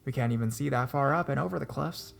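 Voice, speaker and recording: A man narrating true ghost stories in a measured reading voice, at an ordinary middle pitch. He keeps a steady storytelling pace and lifts his voice when the tension peaks. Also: vocal fry. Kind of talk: scripted narration of reader stories.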